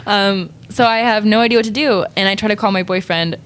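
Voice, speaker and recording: A woman's voice: medium pitch, fast. Young woman telling a rambling story. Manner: rambling storyteller, heavy "like", frequent laughs. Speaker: guest artist. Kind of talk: casual podcast chat.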